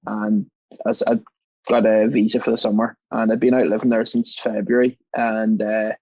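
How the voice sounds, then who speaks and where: A man's voice: lowish voice, flat delivery, moderate pace, a little mellow, breathy edge, dry recording. A young man with a Northern Irish accent, a podcast guest telling rambling anecdotes in a casual chat. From Belfast, Northern Ireland. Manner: chatty, rambling anecdotes with frequent laughs. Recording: dull, dry podcast recording.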